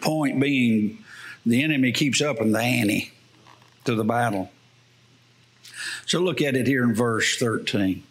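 Speaking at an unhurried pace with frequent pauses, a medium-pitched male pastor gives a church sermon. His folksy anecdotes come in plain farmer's talk, and he laughs often while telling them.

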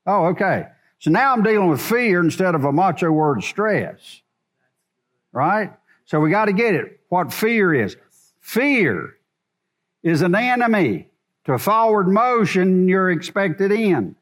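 Animated preaching man, lively pitch. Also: measured pace. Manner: animated preaching, rhetorical questions to the congregation. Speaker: pastor. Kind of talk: sermon.

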